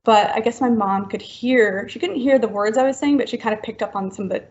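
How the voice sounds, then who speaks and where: A woman in her thirties, a podcast guest from Florida, telling a personal story in a halting way full of likes and ums. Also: fairly high pitch, darkish tone. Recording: dull lo-fi recording.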